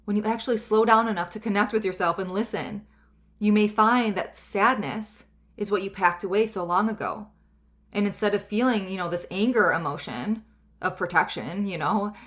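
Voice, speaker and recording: A woman in her thirties hosting a self-help podcast, talking in a chatty, rambling and earnest way with many fillers. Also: medium pitch. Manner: earnest and gentle. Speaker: podcast host.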